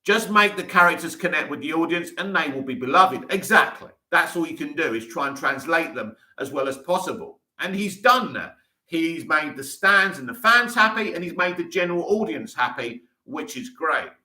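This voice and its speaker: A man chats casually on a live stream, answering viewer comments with eager enthusiasm and plenty of restarts. His voice is bright and forceful, sitting a little high. The room around him is echoey. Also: animated, moderate pace. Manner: enthusiastic, talks in restarts and asides. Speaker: livestream host reading viewer comments.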